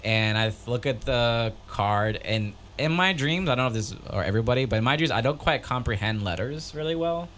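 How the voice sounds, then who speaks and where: Animated man telling a story. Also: medium pitch, fairly quick, hardly any pauses, slight background noise. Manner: animated storyteller, acts out dream dialogue in raised voices. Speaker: podcast co-host. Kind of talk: casual podcast chat.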